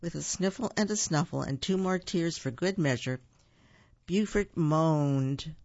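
Gravelly storybook reader, muffled and dry. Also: mid-range voice, a little mellow, no echo. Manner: pauses with ums to explain words to listeners. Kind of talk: reading a children's storybook aloud. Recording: dull, dry recording.

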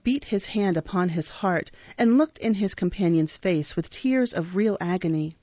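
A woman's voice: on the low side, no room sound. Woman reading a classic novel. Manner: measured, expressive reading. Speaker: audiobook narrator. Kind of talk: scripted narration of a classic novel. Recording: dull, dry recording.

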